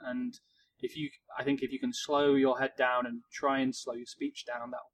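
A man from Cheshire, co-hosting a casual podcast and giving calm, encouraging advice with small restarts. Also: medium pitch, moderate pace, rough recording. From Cheshire, England. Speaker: podcast co-host.

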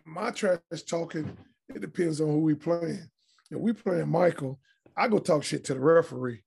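Man, gravelly rasp, husky tone, blunt profane storytelling, casual interview. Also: on the high side, normal speed. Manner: profane, blunt, animated anecdotes. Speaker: retired pro basketball player, guest.

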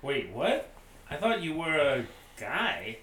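A man performing his part in a comedy script reading with a playful, jokey, excitable manner. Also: on the high side, slow. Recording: echoey room, faint noise.

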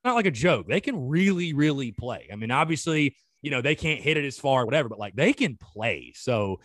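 A man's voice: mid-range voice, lively intonation, fairly quick, fairly bright tone, no echo, faint music behind. A man, a guest on a casual podcast, talking with enthusiasm and repeating himself. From North Augusta, South Carolina. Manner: enthusiastic, repeats words, says "man" often.

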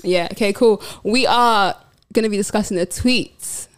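A woman's voice: mid-range voice, moderate pace, clean tone. A woman hosting a casual podcast chat, chatty, laughing often and restarting her sentences. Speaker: podcast host.

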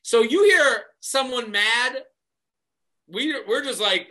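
High bright-voiced comedian guy, animated storyteller, says like a lot. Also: slow. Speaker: guest comedian. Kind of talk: casual podcast chat.

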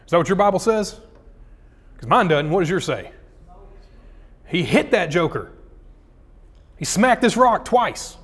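Lively, joking male pastor. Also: fairly high pitch. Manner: casual, jokey preaching with dramatic read-aloud quotes. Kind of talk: sermon.

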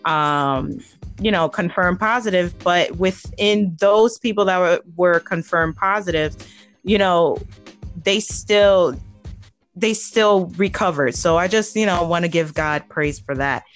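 Slow-talking woman podcast co-host. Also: fairly low pitch, soft background music. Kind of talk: casual faith podcast chat.

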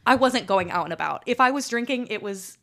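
Young woman podcast co-host, loose and cheeky, expressive lilt. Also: on the high side, brisk, vocal fry. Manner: playful, swears freely, jokey. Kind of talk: casual chat.

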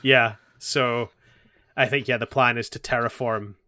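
A man's voice: mid-range voice, fairly even intonation, measured pace, bright, forceful tone, dry recording, clean studio sound. A man co-hosting a podcast, talking about an anime in a laid-back, hesitant way with plenty of fillers. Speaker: podcast co-host. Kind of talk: casual chat recapping an anime episode.

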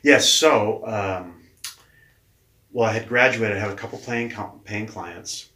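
A man, a leadership coach, telling his story casually in an interview. He talks lively, acts out quoted dialogue and swears casually. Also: fairly low pitch, unhurried. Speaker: leadership coach, podcast guest. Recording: echoey room.

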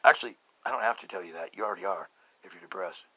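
A middle-aged man hosting a podcast, telling his own story emphatically and swinging between loud outbursts and low murmurs. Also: rapid-fire, a little hiss or hum, low-quality recording. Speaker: podcast host. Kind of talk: personal testimony monologue.

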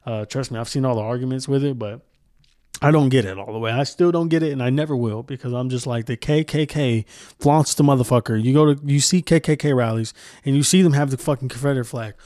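A man's voice: mid-range voice, quick pace, warm tone, no echo, clean studio sound. Heated, profane young man ranting solo. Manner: profane, heated, rambling with restarts. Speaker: podcast host. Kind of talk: casual solo podcast rant.

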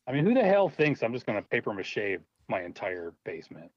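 Lively man telling a funny story. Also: on the low side, fairly quick, no echo. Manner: animated, laughing, acts out voices in his stories. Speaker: guest, low-budget filmmaker. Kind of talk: casual anecdotal storytelling. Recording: dull, dry lo-fi audio.

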